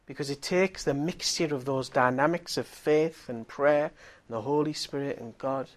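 A middle-aged man preaching, telling a healing story with animated swings from hushed tones to loud exclaiming. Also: mid-range voice, normal speed. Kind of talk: storytelling sermon.

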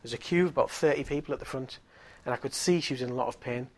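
A middle-aged man preaching, telling a healing story with animated swings from hushed tones to loud exclaiming. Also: mid-range voice, very fast. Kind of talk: storytelling sermon.

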